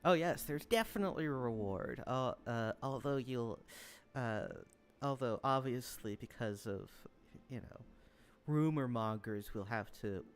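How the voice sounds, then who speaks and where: A man voicing a smooth, evasive male advisor who hedges about a reward in a tabletop game. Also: medium pitch, lively intonation, a little slow. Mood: officious. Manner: hedging, officious.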